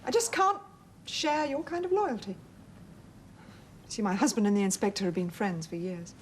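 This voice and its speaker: An actress playing an anxious wife who speaks in an earnest, insistent, emotional way. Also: female voice, mid-range voice, expressive, normal speed, slight background noise, natural voice. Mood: troubled. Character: anxious wife, troubled by past betrayal.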